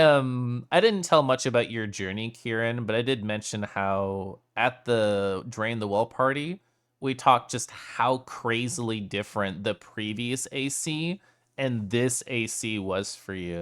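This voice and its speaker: A man's voice: lowish voice, moderate pace, fairly bright tone, smooth. A male streamer talking casually to his chat, emotional and teary, laughing often between sentences.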